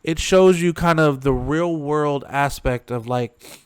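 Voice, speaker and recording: A man's voice: fairly high pitch, slow, smooth, no room sound, studio quality. A man giving a loose, slangy recap and reaction to a show, with lots of fillers. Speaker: reaction video host.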